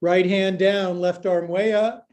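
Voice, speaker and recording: Teaching yoga live, this man speaks with a high, mellow pitch, a relaxed pace, and fairly even intonation. His pose cues come packed with silly, jokey asides, and he's a little out of breath from doing the moves with the class.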